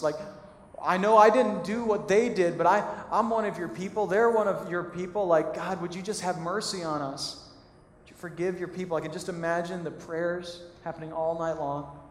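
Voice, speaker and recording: High-voiced pastor in an echoey hall. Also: male voice, a little hiss or hum. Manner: conversational, acts out little scenes. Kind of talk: sermon. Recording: echoey hall with long reverb.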